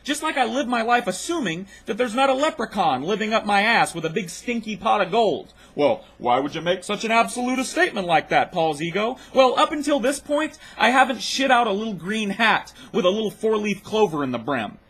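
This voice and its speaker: A man's voice: high voice, big pitch swings, brisk, few pauses, a bit bright, husky. A man hosting his own video, rebutting a clip with a blunt, mocking, profane rant. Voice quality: blunt, mocking, swears freely.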